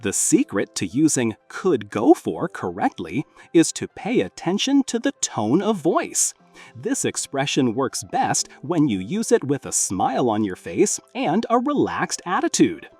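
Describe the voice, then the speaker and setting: A narrator reading a scripted English lesson in a lively, emphatic explaining manner. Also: medium pitch, measured pace, husky, soft background music. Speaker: English teacher.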